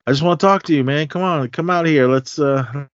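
A man voicing a menacing male killer who coaxes a hiding boy in a wheedling, falsely friendly way, pitched higher than his own voice. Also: fairly quick, no room sound, highs cut off, lightly acted. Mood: coaxing.

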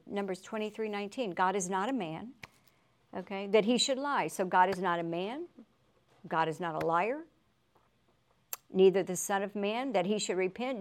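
A middle-aged woman gives a relaxed, conversational Bible lesson with a lot of warmth in the telling. She keeps turning to her listeners with tag questions, and she laughs often as she speaks. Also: mid-range voice, moderate pace. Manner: chatty, with rhetorical tag questions. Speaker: Bible teacher. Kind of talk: casual devotional teaching.

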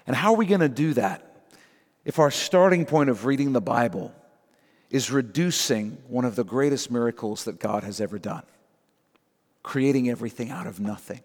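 A male pastor preaches a sermon in a church sanctuary, emphatic and direct, repeating key phrases for weight. His voice is medium-pitched and moderately paced, and the recording carries the long reverb of a large hall.

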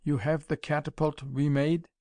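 A man's voice: a little high, lively intonation, normal speed, no echo, natural voice. A man voicing a desperate, scheming male scientist villain who talks shrilly and frantically. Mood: eager.

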